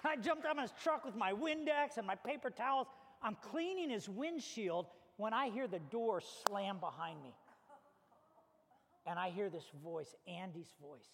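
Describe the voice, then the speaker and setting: Man, pastor, very high voice, animated conversational sermon, long hall reverb. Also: normal speed, vocal fry. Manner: animated, conversational, with casual fillers. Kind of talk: storytelling sermon.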